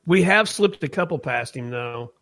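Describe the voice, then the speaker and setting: A man co-hosts a podcast from a studio, easygoing and quick to laugh. His voice sits a little high for a man. He drops "man" and "dude" into a loose, friendly chat. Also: expressive, a bit bright, no echo. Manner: laid-back, laughs often, says "man" and "dude". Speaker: podcast co-host. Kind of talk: casual chat.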